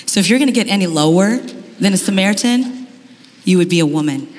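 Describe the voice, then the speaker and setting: A woman's voice: medium pitch, brisk. Woman preaching in a big echoing hall. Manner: animated storytelling, rising emphatic questions. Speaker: conference speaker. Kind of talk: sermon. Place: conference hall. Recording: long hall reverb.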